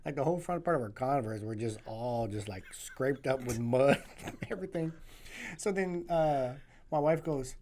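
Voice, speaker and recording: A man's voice: mid-range voice, normal speed, a little mellow, a little hiss or hum. A man co-hosting a podcast, telling a funny story in casual chat with lots of laughter. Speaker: podcast co-host.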